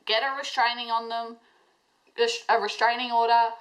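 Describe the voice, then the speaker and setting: Emotional higher-voiced woman reading tarot. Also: little pitch movement, moderate pace, a bit bright, rough recording. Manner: emotional, intense and reassuring, many fillers. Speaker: tarot reader. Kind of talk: pick-a-card tarot reading to camera.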